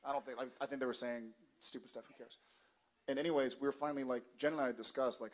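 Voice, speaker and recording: A man on a convention panel telling a family anecdote in a soft, laid-back, understated way. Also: mid-range voice, fairly even intonation, fast talker. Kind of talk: storytelling to an audience. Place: large convention hall with audience.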